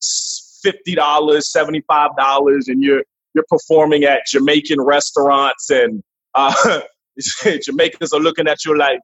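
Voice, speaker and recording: Comedian guy talking loose and animated, husky, kinda high, muffled remote audio. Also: normal speed. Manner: animated, profane, jumps into voices. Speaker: comedian guest. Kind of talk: casual interview chat. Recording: dull lo-fi remote line.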